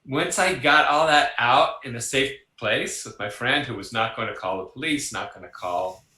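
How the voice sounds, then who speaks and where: A man with a medium-pitched voice talks at normal speed in an echoey room, and the recording is rough. He's a psychologist being interviewed, sharing personal stories conversationally. He's animated, acting out quoted voices and laughing along.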